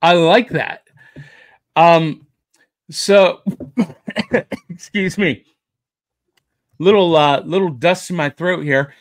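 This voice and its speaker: A man's voice: fairly high pitch, extremely slow, pauses often. A man hosting a pop culture podcast, with jokey, upbeat showman patter. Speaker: podcast host. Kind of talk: casual podcast chat.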